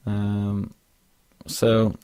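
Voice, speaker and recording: A man's voice: lowish voice, completely flat delivery, very slow, dark tone, smooth, no echo. A young man hosting a casual solo podcast, rambling with lots of fillers and restarts and yawning now and then. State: yawning, drowsy. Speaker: podcast host.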